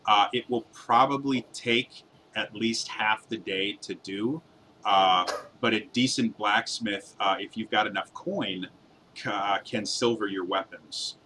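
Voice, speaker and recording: A man serving as game master, walking players through a scene in a bright, crisp voice. He pauses often, filling gaps with ums and uhs. A faint hiss of noise sits behind him. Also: on the low side. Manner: hesitant, many fillers. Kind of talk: narrating a tabletop game.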